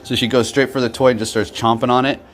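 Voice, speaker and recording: A man's voice: little pitch movement, quick pace, fairly bright tone. A man filming a moose from his home in a casual vlog, chatting and sometimes talking to his dog. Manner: chatty, talks to his dog in a high playful voice. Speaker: vlogger.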